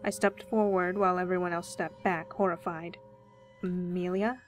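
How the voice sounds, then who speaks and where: A woman reading a first-person horror story aloud with steady, measured storytelling. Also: fairly low pitch. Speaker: story reader. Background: faint background music.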